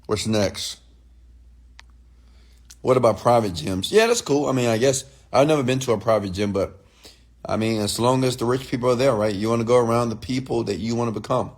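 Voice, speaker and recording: Man, casual rant to camera, lively delivery with put-on voices for others. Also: brisk. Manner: animated, talks straight to viewers, acts out others in high voices. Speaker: online entrepreneur and mentor. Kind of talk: casual late-night rant.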